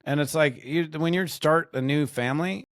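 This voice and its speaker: His voice is on the high side and his speed normal: a middle-aged American network marketing trainer chatting casually on a podcast. He rambles through animated anecdotes with plenty of fillers and restarts, captured in a dry, clean studio recording.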